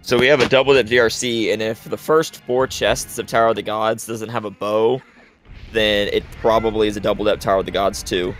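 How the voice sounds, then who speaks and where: A man's voice: lowish voice, steady tone, fairly quick, soft background music. A man commentating a live speedrun race, explaining strategy at length and calling out misplays. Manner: explanatory, opinionated, frequent restarts.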